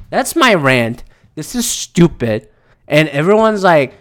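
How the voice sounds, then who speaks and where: A vlogger from Michigan delivering an angry, profane rant straight to the audience, swearing constantly and pushing toward near-shouting. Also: mid-range voice, sing-song, moderate pace.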